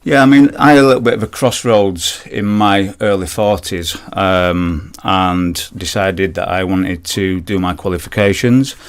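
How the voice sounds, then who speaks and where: A man in his forties speaks with a Yorkshire accent and a fairly low voice. He answers radio interview questions in a loose, chatty way, often restarting his sentences and reaching for words with fillers. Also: unhurried, few pauses, clean tone. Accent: Yorkshire English. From Yorkshire, England. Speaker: guest, personal trainer.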